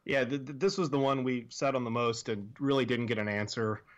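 A man's voice: mid-range voice, a little fast. A man talking over a slightly muffled line as he walks hesitantly through his trivia guesses. He sounds casual and a bit unsure. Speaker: guest quiz contestant. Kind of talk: casual podcast talk.

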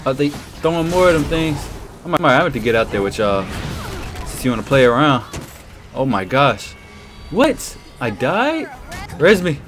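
Excitable man narrating his gameplay. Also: medium pitch, moderate pace, pauses often, soft background music. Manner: excitable, reactive, exclaiming. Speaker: gaming channel host. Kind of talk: live gameplay commentary.

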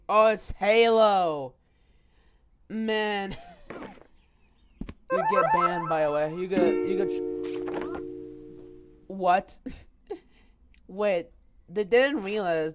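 A woman's voice: mid-range voice, drawn-out words, long pauses, faint music behind. A woman recording herself playing an online VR game, joking around and trash-talking other players in casual chat. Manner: joking trash talk with repeated phrases.

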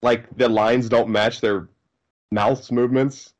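A man's voice: mid-range voice, fairly even intonation, takes it slowly. A man co-hosting a movie riff commentary, playful and joking.

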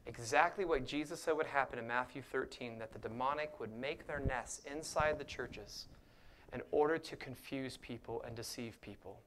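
A man preaching with passion at a middle pitch, his voice rising into emphatic bursts and then dropping to hushed asides. Now and then he slips in a dry, sarcastic jab. A faint background hum sits beneath him. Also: moderate pace. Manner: sarcastic mock voices for points. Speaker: pastor. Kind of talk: sermon.

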